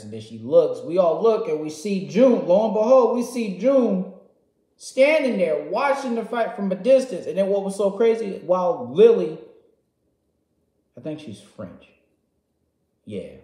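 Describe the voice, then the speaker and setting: Excitable slangy man in a roomy space. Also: mid-range voice. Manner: excitable, swings from loud outbursts to quiet asides, slangy. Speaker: gaming vlogger. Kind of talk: casual storytelling recap. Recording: roomy echo.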